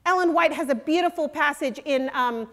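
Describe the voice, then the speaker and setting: An older woman preaching a sermon, earnest and emphatic, sometimes dropping to a hush. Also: high-pitched, normal speed. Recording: long hall reverb.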